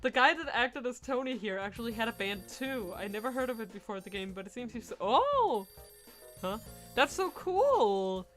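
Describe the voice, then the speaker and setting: A woman's voice: fairly high pitch, normal speed, soft background music. Giggly woman streamer. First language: Danish. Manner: giggly, excitable, talking to chat. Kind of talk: casual game playthrough chat.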